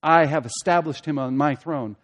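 A man preaching an expository sermon, swinging from loud emphatic peaks to hushed low asides, using rhetorical questions and repeated phrases for emphasis. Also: moderate pace.

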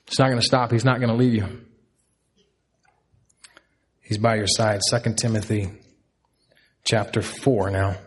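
A man's voice: fairly low pitch, fairly even intonation, a little slow, long pauses, slightly rough. A man in his thirties preaching a sermon as a pastor, earnest and repeating key lines for emphasis.

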